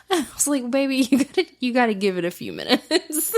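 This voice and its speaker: A young adult woman co-hosting a podcast, telling animated stories about her kids. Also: high voice, brisk. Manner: animated storytelling, laughing. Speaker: podcast co-host. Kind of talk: casual chat.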